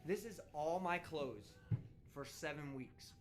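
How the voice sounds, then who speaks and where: A man's voice: a little high, slow, soft background music. A man hosting a live stream, ranting casually and profanely in a brash, vulgar way. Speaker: livestream host. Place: indoors, traveling.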